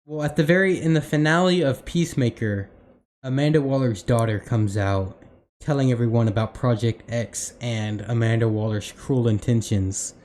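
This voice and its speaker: Young male podcast co-host, average pitch, loose rambling delivery with fillers and false starts. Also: normal speed, a little mellow, slight background noise. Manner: rambling, many fillers and restarts. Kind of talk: casual chat.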